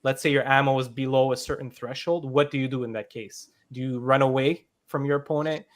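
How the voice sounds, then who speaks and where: A man's voice: medium pitch, steady tone, a little fast. A man who is a game developer, talking through how his game works in a casual podcast chat, with plenty of "like" and "um" along the way. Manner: explains step by step with many fillers.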